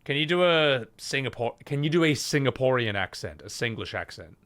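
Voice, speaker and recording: Male streamer, animated and bright, loud, laughs and swears a lot. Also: medium pitch, fairly quick. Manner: excitable, swears, breaks into shouting laughter. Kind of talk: live-stream chat with an AI.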